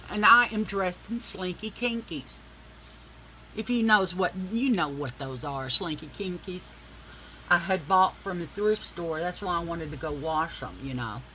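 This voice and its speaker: A woman vlogging as she does her makeup, telling a story in a chatty, animated and profane way, acting out the people in it. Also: fairly low pitch, a little slow, a little hiss or hum, rough recording. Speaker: beauty vlogger.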